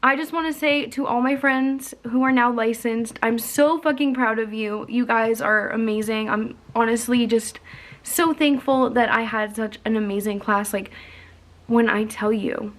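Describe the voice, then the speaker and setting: A woman's voice: fairly high pitch, steady tone, moderate pace. A young woman telling a candid, profane story in a casual vlog. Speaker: vlogger.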